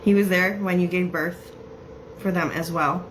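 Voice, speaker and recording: A woman giving a casual psychic reading, chatty and laughing often as she quotes messages in quick bursts. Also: on the low side, fairly even intonation, slight background noise, poor audio. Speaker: psychic medium.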